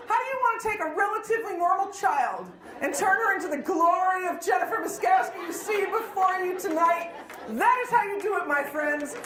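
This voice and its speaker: A woman performing a stand-up comedy set, exuberant and shouting her punchlines. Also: very high voice. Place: comedy night in a live venue with audience. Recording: echoey room, crowd laughter and noise.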